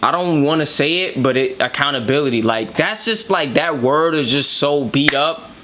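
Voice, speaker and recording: New York guy, higher-pitched, slangy, preachy commentator in casual talk. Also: normal speed, noisy background. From New York City. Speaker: commentator reacting to clips.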